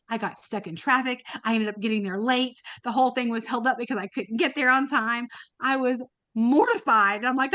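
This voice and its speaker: Speaking fairly quickly in a fairly high, slightly bright voice with no room sound, a woman tells her story as a kidney donor on a podcast. It's casual and emotional, with lots of fillers and restarts.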